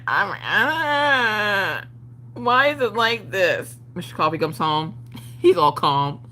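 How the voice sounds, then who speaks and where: Lively, animated woman telling a story. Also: medium pitch. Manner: animated, exaggerated, swears freely; acts out family members' voices. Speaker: craft stream host. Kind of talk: casual storytelling to a live chat.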